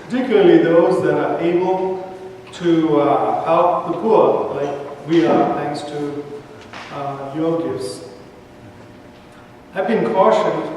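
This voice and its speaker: A man's voice: fairly high pitch, slow pace, long pauses, a little mellow, slight background noise. A male pastor delivering a sermon in a church, telling stories from the streets and acting out the voices in them. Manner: storytelling, acts out street voices in quotes. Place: large church sanctuary. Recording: echoey church hall, mic from far off.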